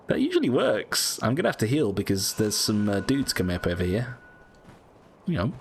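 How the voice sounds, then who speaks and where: A man's voice: mid-range voice, huge pitch swings, normal speed, gravelly. A British man giving casual gameplay commentary, chatty and prone to frustrated swearing. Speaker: gameplay streamer.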